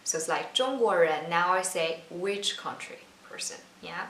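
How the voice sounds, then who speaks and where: A woman teaching a casual Mandarin lesson, patiently repeating words slowly for learners. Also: fairly low pitch, pushed and bright. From China. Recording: roomy, slightly distant mic with faint noise.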